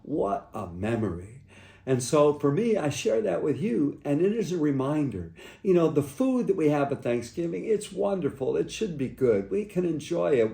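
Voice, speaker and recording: This is a gentle priest in a personal reflection, his mid-range voice halting and full of restarts. The room around him is echoey, so his words carry a roomy ring. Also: medium pitch, creaky.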